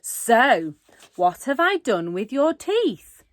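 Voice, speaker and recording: Woman voicing a storybook villain dentist, syrupy and menacing, slow and singsong. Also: on the high side, very animated, dry recording, pitched above the performer's own voice. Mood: sickly sweet. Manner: falsely sweet, mock-polite. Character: creepy sugary female dentist calling herself Mummy.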